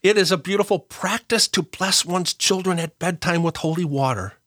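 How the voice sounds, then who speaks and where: A middle-aged man giving a gentle, earnest devotional reflection and reading scripture, sometimes dropping to a hush. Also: sits high, moderate pace, dry recording, studio quality. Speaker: Catholic devotional speaker.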